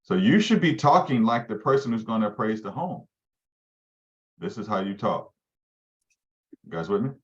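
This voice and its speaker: Teaching agents live as their real estate team leader, a man with a fairly low, expressive voice speaks at normal speed, pausing often and quizzing the group as he goes. The audio is dull.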